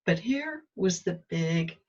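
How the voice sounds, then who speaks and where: A woman with a somewhat low, husky voice talks in a chatty, self-deprecating way. She drifts between confiding asides and little acted-out exchanges with herself. The sound is muffled and lo-fi. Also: expressive, takes it slowly, darkish tone. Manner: chatty, candid, self-deprecating, acts out her own inner dialogue. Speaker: spiritual self-help host. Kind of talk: casual reflective monologue. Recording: muffled lo-fi recording.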